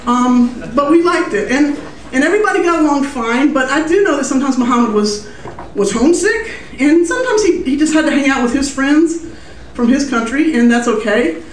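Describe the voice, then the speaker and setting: A woman's voice: high voice, lively intonation, a little fast, distant mic, slight background noise. A chatty woman telling a personal story on stage at a small music venue, loose and self-amused with lots of fillers. Her voice reaches the mic from well back, washed in the room's echo, with a faint murmur of the place behind her. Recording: roomy live room heard from afar.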